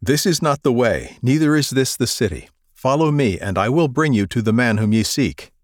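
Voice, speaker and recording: A man's voice: medium pitch, expressive, normal speed, no echo, clean studio sound, voice pushed up, close to an everyday voice. A man reading the lines of a solemn, commanding old prophet in a grave, earnest scripture reading.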